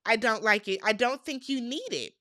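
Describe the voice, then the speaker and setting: A woman's voice: on the high side, normal speed, dry recording, studio quality. A young adult woman from the United States giving a casual, slangy recap of a reality show and acting out the cast's lines. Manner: chatty, animated, slangy, mimics cast members' lines. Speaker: recap vlogger.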